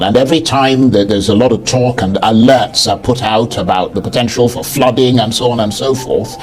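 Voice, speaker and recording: A man interviewing in a measured, hesitant way. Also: medium pitch, soft background music. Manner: measured, hesitant, full of fillers. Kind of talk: broadcast interview.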